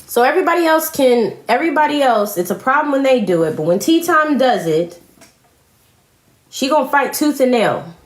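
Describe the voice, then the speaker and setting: A woman's voice: high voice, animated, normal speed. A woman on a live stream, confrontationally ranting at other commentators with heavy profanity and repetition. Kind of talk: heated live-stream rant. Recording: echoey room.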